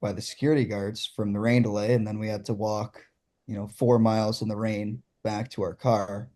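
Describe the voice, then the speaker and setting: A young man from Ontario, Canada, a guest telling his story with excitement and laughing as he goes. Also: on the low side, brisk. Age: young adult. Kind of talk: casual storytelling.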